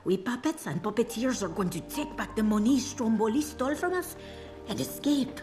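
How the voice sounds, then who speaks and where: A woman's voice: on the high side, expressive, moderate pace, music in the background, close to an everyday voice. An actress playing a kind young woman puppeteer who speaks earnestly and soothingly. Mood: determined.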